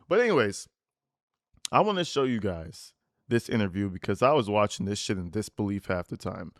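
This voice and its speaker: A man ranting in a profane, mocking, animated style while giving reaction commentary on a video. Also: fairly low pitch, moderate pace, no room sound, clean studio sound. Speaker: commentary YouTuber.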